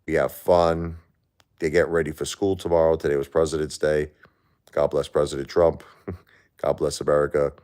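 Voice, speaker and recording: Very deep-voiced man, grieving live host. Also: flat delivery, darkish tone, clean tone. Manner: halting, repeats words, talks to viewers. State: grieving, stressed. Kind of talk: emotional live-stream chat.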